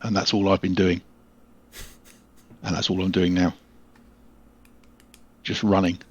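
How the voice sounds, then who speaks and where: A man's voice: sits low, little pitch movement, measured pace, breathy edge, dull audio. A man playing a weary, haunted male spellcaster who talks in a terse, brooding, fatalistic way.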